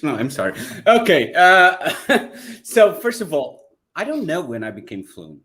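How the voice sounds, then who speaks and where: Man, higher voice, very lively intonation, joking guest, video call. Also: unhurried. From Brazil. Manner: joking, expressive. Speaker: guest English teacher. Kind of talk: casual panel chat.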